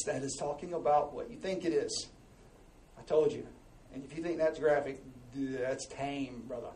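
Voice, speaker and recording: A man preaching a sermon to a congregation, animated and joking, his voice rising and dropping as he reads and explains scripture. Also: mid-range voice, normal speed. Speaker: pastor. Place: large church hall. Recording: echoey hall, mic at a distance.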